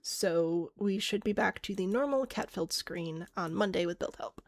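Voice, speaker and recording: Woman, game streamer, casual chat, self-mocking, vocal fry, dry sound. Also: medium pitch, moderate pace, dry recording. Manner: chatty, thinking aloud, answering chat; self-mocking, laughs easily. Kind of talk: casual live-stream chat while playing.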